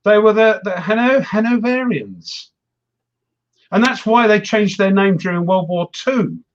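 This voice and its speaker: A man's voice: high voice, lively intonation, unhurried, highs cut off. A man hosting a wargaming chat show, rambling and self-mocking as he talks through his games. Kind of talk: casual chat.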